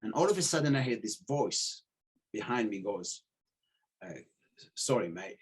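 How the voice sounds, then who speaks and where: A middle-aged man with a somewhat husky voice, at an average pitch for a man. He chats casually and tells animated stories, dropping into the voices of the people he quotes. He swears freely as he talks. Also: moderate pace. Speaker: podcast guest telling stories. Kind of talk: casual storytelling chat.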